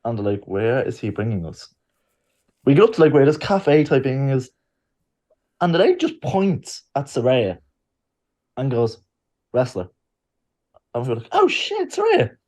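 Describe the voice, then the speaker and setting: In casual podcast chat, a male co-host at a medium pitch tells a story at normal speed, pausing often. He narrates with liveliness and performs the quoted lines of the story's characters.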